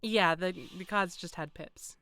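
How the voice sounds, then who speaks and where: A woman's voice: fairly low pitch, fairly even intonation, a little slow, fairly bright tone. A young woman streamer giving casual, joking commentary while playing a game, talking to herself and to her viewers. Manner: joking, wry, talks to herself and chat.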